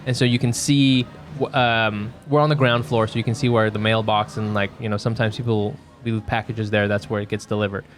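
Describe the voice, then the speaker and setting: A man co-hosting a podcast from a home bedroom, chatting casually and telling a story with lively, acted-out bits. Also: on the low side, brisk, few pauses, slight background noise. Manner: animated storyteller who acts out his own yelling. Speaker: podcast co-host. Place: home bedroom used as a quiet room.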